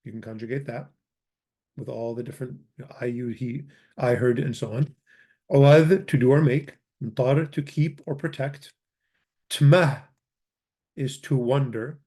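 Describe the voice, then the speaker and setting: A man teaching a grammar lesson into a desk microphone. He speaks at an ordinary middle pitch. He is methodical, repeating example words slowly before translating them. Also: steady tone, warm tone. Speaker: language teacher.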